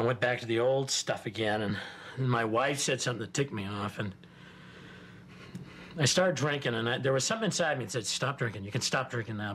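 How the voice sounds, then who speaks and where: A man's voice: mid-range voice, fairly bright tone, a little hiss or hum, natural voice. A man playing a defensive drinking father. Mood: subdued. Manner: halting, restarts and repeats words. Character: stressed middle-aged father who drinks, defensive. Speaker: therapy client. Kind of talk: simulated therapy session.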